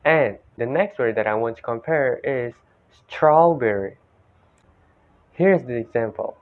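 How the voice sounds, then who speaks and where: Slow, careful, Indonesian accent, young man, classroom presentation, mid pitch, tinny recording. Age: young adult. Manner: slow, repeats each example word several times. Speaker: student presenter. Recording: tinny phone-like sound.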